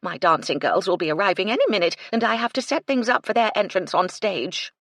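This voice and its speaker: Lady doing a snappy fussy woman, loud and exasperated, breathy voice. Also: medium pitch, big pitch swings, fairly quick, no room sound, clean studio sound, voice pushed up. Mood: irritated. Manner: sharp, testy, exasperated. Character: fussy, irritable innkeeper's helper woman.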